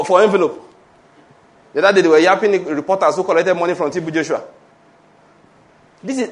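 Nigerian male pastor, fairly high voice, emphatic sermon delivery with call-and-response.

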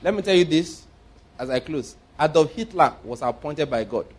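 Middle-aged Nigerian preacher, slightly high voice, storytelling sermon, loud points then quiet asides. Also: male voice, animated, normal speed, slightly rough. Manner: anecdotal, swings between loud emphasis and quiet asides.

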